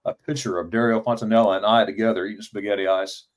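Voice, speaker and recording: Fifties male, lowish pitch, casual storyteller, stammers and repeats words. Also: fairly even intonation, fast talker. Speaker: travel vlogger telling his story as an interview guest.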